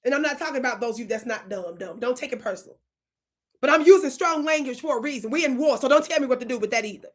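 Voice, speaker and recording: High-pitched and fast-talking, a woman running her own channel scolds her viewers in a fiery, preachy commentary. She stretches words for emphasis and keeps asking if they are listening.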